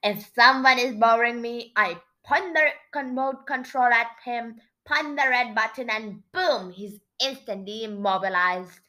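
A woman reading aloud and voicing a gleeful, eccentric old inventor grandfather mouse who declares things loudly. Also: fairly high pitch, a little slow, hardly any pauses. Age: older.

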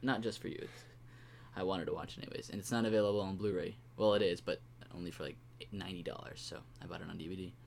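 A man's voice: low-pitched, fairly even intonation, fast, creaky, a little mellow, slight background noise. A young man co-hosting a podcast in casual chat, enthusiastic and repeating words of praise. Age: young adult. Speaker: podcast co-host.

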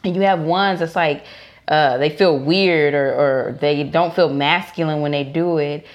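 A woman's voice: low voice, unhurried. A young adult woman co-hosting a podcast in casual chat, laughing often as she talks. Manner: laughs often, chatty and relaxed. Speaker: podcast co-host.

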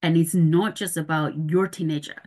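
A woman's voice: sits low, steady tone, moderate pace, a little mellow. A middle-aged woman parenting coach on a podcast, explaining step by step and often checking in with the listener.

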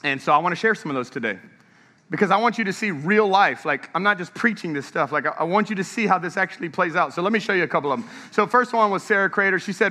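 Animated preacher in an echoing church. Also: male voice, high voice, fast talker. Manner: energetic storytelling, laughing often. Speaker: pastor. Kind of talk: sermon. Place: church sanctuary. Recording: long echo of a large church hall.

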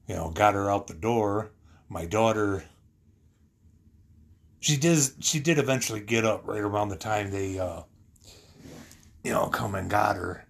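A man's voice: sits low, gravelly, husky. A man telling a personal story about his family in a rambling, earnest way, full of fillers and restarts.

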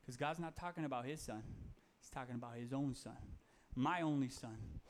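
A man's voice: medium pitch, fast, a little hiss or hum. A man giving a casual, conversational sermon, reading Bible verses and talking them through with fillers and self-corrections. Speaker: preacher.

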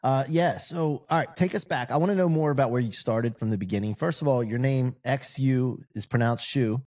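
A man's voice: mid-range voice, brisk, a little mellow. A man hosting a podcast interview, prompting his guest with enthusiastic questions. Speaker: podcast host.

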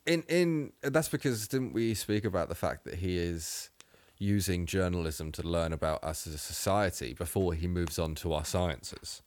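A man's voice: low voice, moderate pace, hardly any pauses, no echo. A young man co-hosting a casual film podcast, teasing and bantering with his co-hosts. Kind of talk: casual chat.

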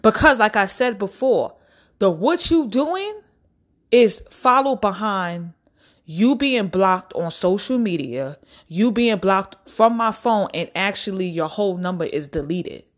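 A young woman ranting bluntly to camera in a casual, profane and animated way. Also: medium pitch, unhurried. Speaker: vlogger.

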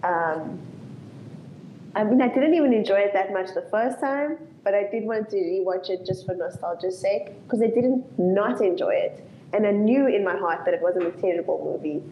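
A woman's voice: medium pitch, normal speed, reverberant, dull audio, slight background noise. A woman co-hosting a casual movie podcast, talking in a wry, self-mocking way. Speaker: podcast co-host. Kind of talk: casual movie review chat.

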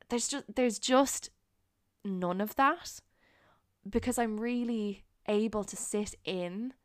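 A young woman hosting a solo podcast, talking in an earnest, encouraging way with frequent pauses. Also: fairly low pitch, clear, resonant tone, no room sound, studio quality. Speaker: podcast host. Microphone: studio microphone.

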